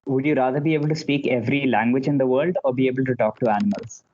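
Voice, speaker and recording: A man hosting a casual podcast, relaxed, asking quick questions and laughing often. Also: medium pitch, highs cut off, a little hiss or hum. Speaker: podcast host.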